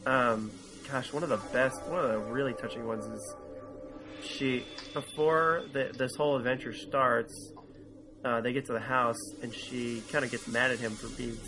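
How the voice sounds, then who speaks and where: A man's voice: mid-range voice, fairly even intonation, normal speed, over music. A man co-hosting a casual review podcast, enthusiastically retelling scenes and quoting lines, often laughing. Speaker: podcast co-host.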